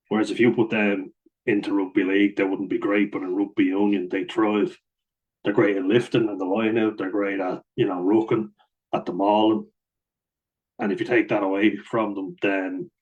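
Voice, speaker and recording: Low, flat-voiced man talking rugby. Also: low-quality recording. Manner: blunt and chatty, swears and laughs easily. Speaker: host and rugby player. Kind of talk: casual commentary on rugby rules.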